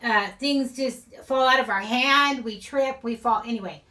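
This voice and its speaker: A woman's voice: fairly high pitch, unhurried, sharp tone. Giggly, rambling woman vlogger. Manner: rambling, giggly, self-deprecating. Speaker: craft channel host. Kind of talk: casual haul vlog chat.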